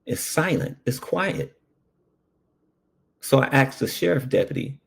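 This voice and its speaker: A man, a paramedic, telling a personal story in an animated, earnest way. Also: mid-range voice. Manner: slow, gravelly, animated storytelling.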